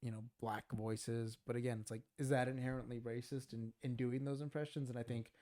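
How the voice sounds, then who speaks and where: A man's voice: medium pitch, fairly quick. A young man hosting a casual chat, rambling through stories with lots of profanity. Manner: rambling, animated storytelling with profanity. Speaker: podcast host.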